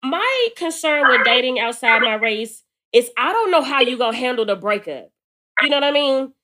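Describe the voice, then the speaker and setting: A woman's voice: high voice, very animated, moderate pace, very noisy. A woman hosting a podcast, chatting casually in a blunt, profane way and telling stories with laughter. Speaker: podcast host. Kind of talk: casual chat.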